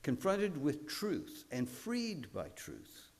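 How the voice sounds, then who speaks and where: A male pastor telling a story in a sermon, animated, with frequent swings in pitch and loudness. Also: takes it slowly.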